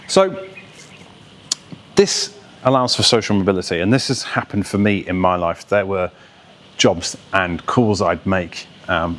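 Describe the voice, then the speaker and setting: A man from the West Midlands, a voice coach who speaks with a Received Pronunciation accent and explains sounds in an animated way, demonstrating them as he goes. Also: on the low side. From West Midlands of England. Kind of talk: explanatory talk to camera.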